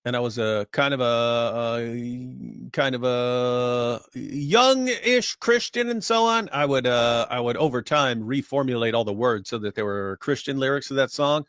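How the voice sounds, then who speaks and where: A man's voice: medium pitch, expressive, a little slow, fairly bright tone, smooth, no room sound. A man with a mid-range voice trades wry, teasing remarks as co-host of a casual livestream. His voice is recorded close and dry.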